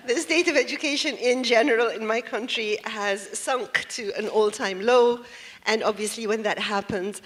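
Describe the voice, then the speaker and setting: A woman's voice: medium pitch, fairly bright tone. A woman speaking as a panelist in a panel discussion, thinking aloud and posing questions. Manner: reflective, poses questions.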